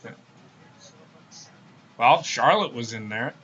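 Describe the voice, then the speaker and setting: Lively laid-back man on a lo-fi podcast. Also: medium pitch, slow pace, breathy edge. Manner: laid-back, profane, laughs often. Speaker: podcast co-host. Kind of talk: casual wrestling rewatch chat. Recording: dull lo-fi podcast audio.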